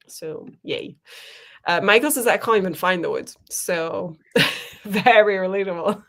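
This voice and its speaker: A woman chatting on a live stream over a video call, medium-pitched and easygoing. She laughs often and reads viewers' comments aloud between remarks. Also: measured pace, vocal fry, fairly bright tone. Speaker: co-host of writing sprint stream. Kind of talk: casual chat.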